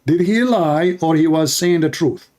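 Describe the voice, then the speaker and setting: Man from Iraq, hoarse, high voice; pushy debate host who won't let it drop. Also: unhurried, darkish tone. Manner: insistent, repeats challenges over interruptions. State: hoarse, losing his voice. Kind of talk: heated live debate.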